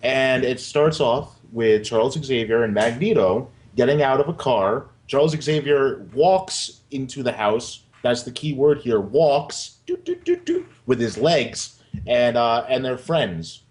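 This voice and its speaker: A man's voice: mid-range voice, a little slow, hardly any pauses, darkish tone. A man co-hosting a casual comic news show, joking and swearing as he rambles. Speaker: podcast co-host.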